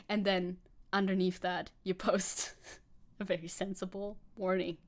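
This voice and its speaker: A woman's voice: mid-range voice, steady tone, measured pace. A woman streamer giving casual, sarcastic commentary, laughing often and swearing. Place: hot room at home.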